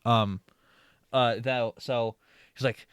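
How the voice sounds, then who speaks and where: A man's voice: mid-range voice, steady tone, slow pace, a bit bright, clean tone, dry recording, studio quality. A man casually telling a long story from his retail job, with lots of fillers and restarts. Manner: rambling, many fillers and restarts. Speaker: streamer.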